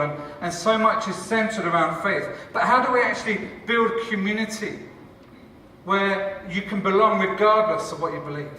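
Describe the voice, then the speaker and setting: A man, a church leader and cafe founder, giving a lively conference talk with jokes for the audience. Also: on the high side, slight background noise. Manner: enthusiastic, joking, chatty with the audience. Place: large conference hall. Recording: echoey hall from far off.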